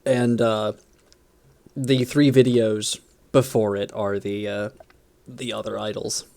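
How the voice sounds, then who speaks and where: A man's voice: lowish voice, fairly even intonation, slow, gravelly, a little mellow. A man hosting a streamed tabletop game as game master, chatting casually and enthusiastically, rambling with many restarts.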